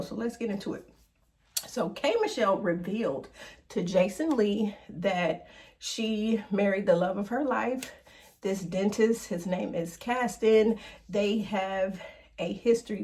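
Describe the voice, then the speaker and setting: A woman's voice: medium pitch, a little mellow, recorded from a distance. A woman hosting a celebrity gossip show, talking in a sassy, emphatic way and swearing freely. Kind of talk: animated celebrity gossip commentary.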